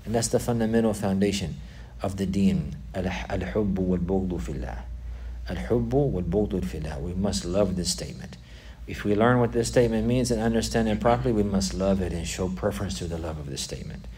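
A man's voice: sits low, brisk, mellow, slight background noise. A man teaching a religious class, repeating key phrases for emphasis and putting questions to his students. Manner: quizzes the class.

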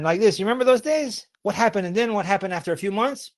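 A man's voice: sits high, lively intonation, fast talker, hardly any pauses, fairly bright tone. A man giving a sermon to young listeners. He keeps asking the audience questions, recites Arabic verses and then translates them. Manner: asks the audience many questions. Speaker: Islamic preacher.

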